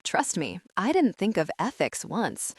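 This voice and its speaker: A woman reading the part of a gruff, teasing young man, a former ballplayer, in an audiobook. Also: medium pitch, wildly swooping pitch, unhurried, dry recording, clean studio sound, exaggerated voice.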